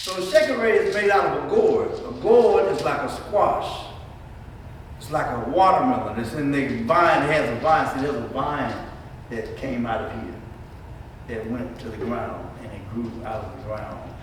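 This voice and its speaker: A man leading a children's music lesson, asking questions and waiting for answers, sometimes spelling words out slowly. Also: mid-range voice, slight background noise. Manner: questions and call-and-response. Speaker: music teacher. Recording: echoey hall, far mic.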